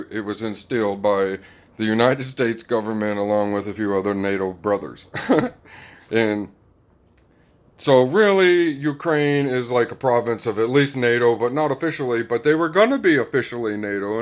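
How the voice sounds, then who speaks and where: A man delivering a rambling casual monologue, chuckling often and filling pauses with "like" and "um". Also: medium pitch. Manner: rambling, chuckling, many fillers. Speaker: commentator.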